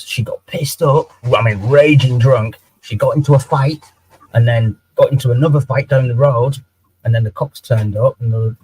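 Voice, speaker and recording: A man's voice: mid-range voice, warm tone, slightly rough, low-quality recording. A young man telling a personal story in a candid, sweary casual chat. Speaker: livestream guest.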